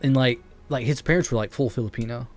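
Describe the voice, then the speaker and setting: A man's voice: mid-range voice, fast talker, faint music behind. A man with a slight Southern US accent, chatting casually with viewers while streaming a game, rambling and laughing often. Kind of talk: casual gaming stream chat.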